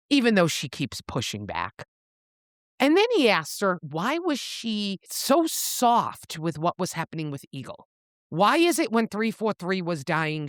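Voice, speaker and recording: Lively woman recapping a book, swearing freely. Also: dry recording, clean studio sound. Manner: animated storyteller, swears freely, acts out quotes with pitch jumps. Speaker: podcast co-host. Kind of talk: casual book recap chat.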